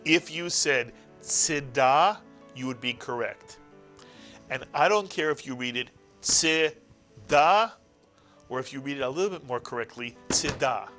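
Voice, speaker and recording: A man's voice: medium pitch, sharp tone, soft background music. Patient man teaching a language lesson. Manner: patient, explains slowly, repeats key words. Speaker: Hebrew teacher. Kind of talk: classroom-style language lesson.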